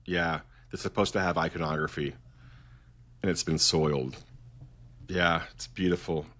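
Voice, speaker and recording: A man's voice: low voice, fairly even intonation, normal speed, fairly bright tone. A middle-aged man, a filmmaker talking as a guest in a casual interview, enthusiastic and rambling, often restarting his sentences.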